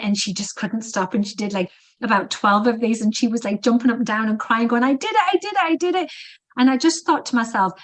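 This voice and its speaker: Animated woman telling coaching stories. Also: mid-range voice. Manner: animated storyteller, acting out quotes. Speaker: guest author and fitness coach. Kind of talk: conversational podcast interview.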